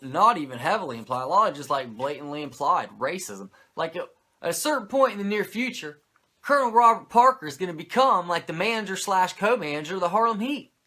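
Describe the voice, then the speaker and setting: A man hosts a casual wrestling recap podcast, swearing a lot, leaning heavily on "like" as filler and ranting in disbelief. His voice is on the high side, bright and forceful.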